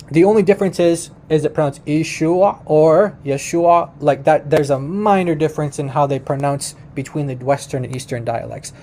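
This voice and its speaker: A man comments on a video he is playing for his viewers. His voice sits a bit high but sounds mellow and dark. He speaks emphatically, restarting sentences and correcting himself as he goes. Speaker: host reacting to a video.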